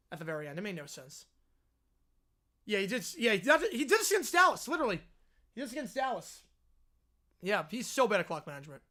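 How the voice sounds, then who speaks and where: A young man streaming live play-by-play and reaction, yelling at the game on screen and chatting with viewers in between. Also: very high-pitched. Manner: excitable, yells at the screen, then chats with viewers.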